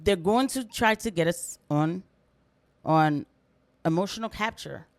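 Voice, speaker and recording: A woman hosting a reaction commentary vlog, animated and rambling as she talks straight to her viewers. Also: fairly low pitch, measured pace. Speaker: commentary vlogger.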